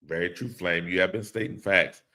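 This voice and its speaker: A man's voice: low voice, moderate pace, sharp tone. A man hosting a casual live-stream podcast, reading chat comments aloud and laughing along in a laid-back way.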